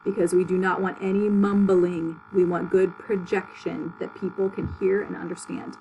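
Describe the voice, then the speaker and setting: A woman teaching a public speaking class, walking students through articulation drills with clear, exaggerated syllables and plain instructions. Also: fairly low pitch, flat delivery, moderate pace, dark tone, muffled recording, a little hiss or hum.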